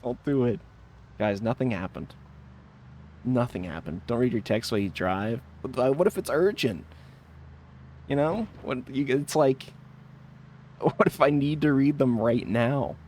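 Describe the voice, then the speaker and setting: A man's voice: mid-range voice, lively intonation, measured pace, long pauses, darkish tone, slight background noise. Laughing, self-mocking man streaming a game. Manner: mock-defensive banter with chat. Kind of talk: casual live game-stream commentary.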